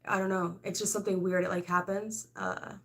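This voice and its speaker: A woman's voice: on the low side, little pitch movement, a little fast. Rambling woman giving a casual tarot reading. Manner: rambling, full of "like" and "I don't know"; frank, with laughs mixed in. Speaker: tarot reader.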